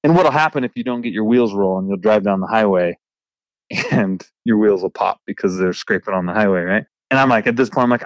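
A man who works as a trucker, hosting a podcast and telling an animated, frustrated story in casual chat with a laugh now and then. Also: lowish voice, brisk, no echo, rough recording. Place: remote recording.

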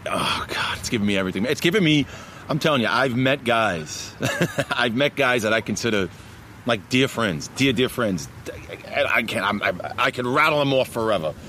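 A man's voice: mid-range voice, moderate pace. A man with a Long Island accent, a basketball referee telling stories in a casual interview and often tossing in "man". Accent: Long Island New York. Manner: animated, laughs often, says "man" a lot. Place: outdoors in a park, traffic behind. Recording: faint outdoor traffic noise.

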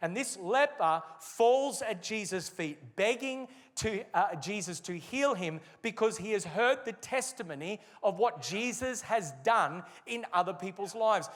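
Man, pastor, sermon, high voice, emphatic, slows down on key phrases. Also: animated, a bit bright, long reverb tail. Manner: emphatic preaching with slowed, stressed phrases.

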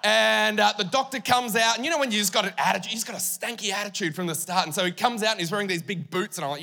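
A young Australian pastor preaches, spinning a story with comic asides to his congregation. His voice sits high, with a bright tone. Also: fast talker, vocal fry, hardly any pauses. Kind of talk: humorous sermon.

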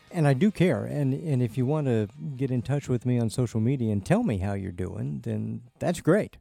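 A man hosting a podcast, explaining in an unhurried way with small restarts. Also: mid-range voice, expressive, creaky, warm tone, faint music behind. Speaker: podcast host. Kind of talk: casual podcast chat and explainer.

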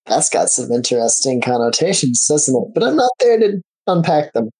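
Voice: medium pitch, sing-song, normal speed, darkish tone, breathy edge, low-quality recording. A player in a tabletop game, thinking aloud with a wry tone. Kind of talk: casual tabletop play.

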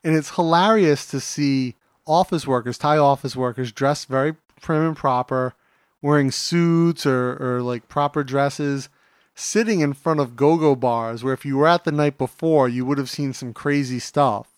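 This podcast co-host's mid-range voice is smooth and moves at normal speed as he chats and spins stories, leaning on many fillers. It's a studio-quality recording with no room sound.

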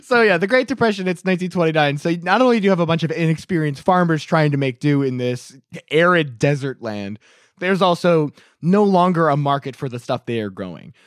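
A man's voice: fairly high pitch, fairly quick, dry recording, studio quality. A man hosting a casual comedy podcast, telling a history story with jokes and frequent laughter. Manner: animated, laughing, joking storyteller.

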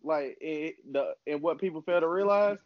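A man's voice: a little high, normal speed, no echo, highs cut off. A man co-hosting a casual basketball podcast, blunt and emphatic.

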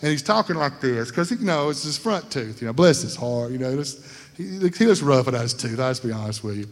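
A man's voice: mid-range voice, expressive, a little fast. Folksy man preaching in a reverberant hall. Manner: folksy storytelling, often asks "you know what I'm talking about". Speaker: lay speaker at a church service. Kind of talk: testimony sermon.

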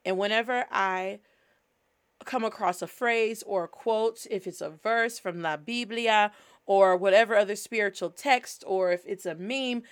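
A woman's voice: medium pitch, fairly bright tone, clean tone. A woman hosting a language lesson in a casual, upbeat teaching style, moving between English and Spanish. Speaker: host.

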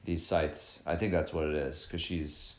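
A man's voice: a bass voice, little pitch movement, a little slow, a little mellow. A man in his thirties co-hosting a podcast, in a dry, sarcastic, rambling casual chat. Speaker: podcast co-host. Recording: dull roomy home recording.

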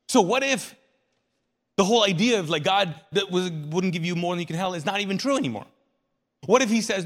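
A man with a rather high voice preaching a sermon. He keeps it conversational, throwing rhetorical questions at his listeners and circling back to repeat his points. His voice rings out with a long hall reverb. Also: lively intonation, normal speed, a bit bright. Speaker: pastor.

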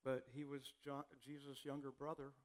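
A man's voice: medium pitch, completely flat delivery, moderate pace, darkish tone. A man preaching a sermon as a pastor in a casual, conversational way, often repeating words as he starts sentences.

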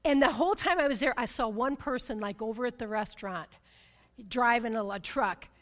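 High-voiced woman preaching in a reverberant hall. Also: fairly quick. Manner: personal storytelling, emphatic, frequent "right?" asides; swings between loud excitement and hushed intensity. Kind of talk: sermon.

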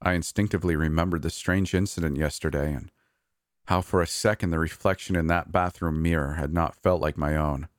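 A man reading a first-person horror story aloud in a calm, measured way. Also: a bass voice, dry recording, clean studio sound. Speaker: narrator.

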